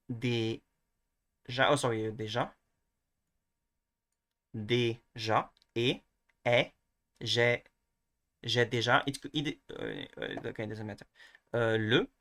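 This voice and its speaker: A man's voice: mid-range voice, fairly bright tone. A young man, teaching pronunciation in a casual, hesitant way, thinking aloud and often restarting. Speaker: language teacher.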